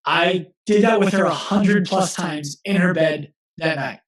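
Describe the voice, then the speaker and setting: Here an earnest guest in his thirties, who works as a physical therapist and coach, shares stories during a conversational interview. He speaks in a fairly high register with quick restarts, and the room gives his voice an echo.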